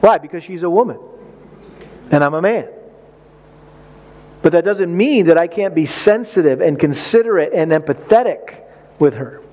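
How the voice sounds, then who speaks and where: Middle-aged male pastor with a high voice; animated sermon delivery, acting out his own story. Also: normal speed, pauses often, highs cut off.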